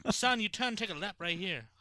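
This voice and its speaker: A man's voice: high-pitched, animated, unhurried, heavy background noise, voice pushed up. A man voicing his strict father scolding his son.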